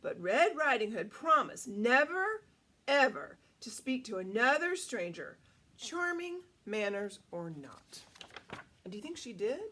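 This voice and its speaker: A woman storyteller reading a picture book aloud to children, animated and asking them questions. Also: on the high side, a little slow.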